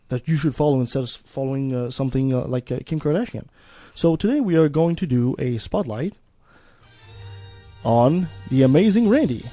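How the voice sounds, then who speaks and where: A man's voice: medium pitch, dry recording. A man hosting a radio show, talking casually with many "uh"s as he introduces segments. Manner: relaxed, many fillers and restarts.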